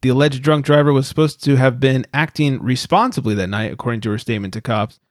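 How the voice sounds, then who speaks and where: A man's voice: mid-range voice, fast, no room sound, clean studio sound. A man hosting a casual beer podcast, joking around and reading out short news stories. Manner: jokey, reads news stories aloud. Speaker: podcast host. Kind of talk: casual chat.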